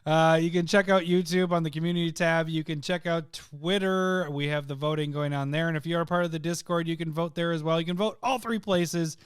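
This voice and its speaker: A man's voice: on the high side, fairly even intonation, a little fast, hardly any pauses, smooth, dry recording, studio quality. A man co-hosting a casual card-game chat, laughing often and trailing off mid-sentence. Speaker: podcast co-host.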